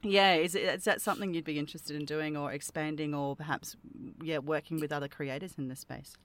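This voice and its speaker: An Australian woman with a notably low voice hosts a casual interview. She rambles with easy self-deprecation and laughs at her own puns. The talk is loose and conversational. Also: fairly even intonation, a little fast, a bit bright, dry recording. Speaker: podcast host interviewing a voice actor. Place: home, rural property.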